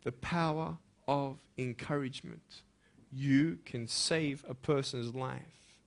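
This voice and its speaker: A young adult man giving an earnest, emphatic motivational speech to students, moving between hushed and loud passages. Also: medium pitch, takes it slowly, creaky. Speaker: motivational speaker.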